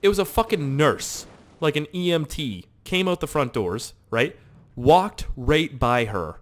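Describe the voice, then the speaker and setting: A Canadian gaming YouTuber tells rambling, profane stories while playing a game. His voice is on the high side and expressive, with a measured pace.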